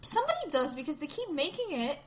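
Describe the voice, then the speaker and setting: A woman's voice: sits high, big pitch swings, quick pace. A woman co-hosting a podcast in casual chat at a kitchen table, playful and teasing. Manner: playful, teasing, laughs often. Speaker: podcast co-host.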